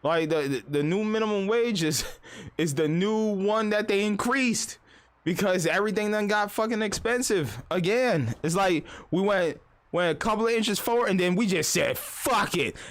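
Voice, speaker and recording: A man's voice: high voice, normal speed. A man live-streaming, ranting casually and profanely in a rambling, storytelling way.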